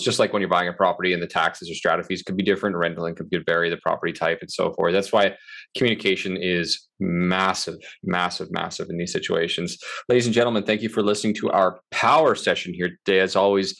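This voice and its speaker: Low-voiced energetic podcast co-host man. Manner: energetic, chatty, sales-minded sign-off. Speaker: podcast co-host, mortgage broker. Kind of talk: casual podcast talk.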